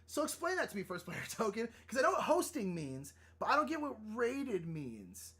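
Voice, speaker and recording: A man hosting a live drawing stream, chatting casually and rambling, easily excited and flustered. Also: very high-pitched, normal speed, breathy edge. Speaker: livestream artist host. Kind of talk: casual livestream chat while drawing.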